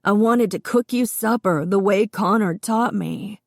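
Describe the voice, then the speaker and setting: A man's voice: unhurried, no echo, clean studio sound. A woman reading an audiobook, voicing a frightened young man who is crying and pleading in a raised voice. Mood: tearful. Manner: high, tearful, pleading. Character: frightened young man, sobbing, burned hands.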